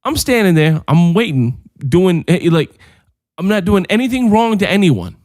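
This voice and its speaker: A man co-hosting a podcast in casual chat, an animated storyteller who swears freely. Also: high-pitched, moderate pace, dry recording, studio quality. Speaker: podcast co-host.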